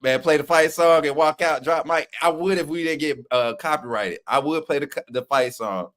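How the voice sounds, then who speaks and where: A man hosting a fan live stream, talking like a preacher, calling out to viewers, shouting and laughing often. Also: fairly high pitch, normal speed. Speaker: sports channel host. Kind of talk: live-stream chat, mock preacher call.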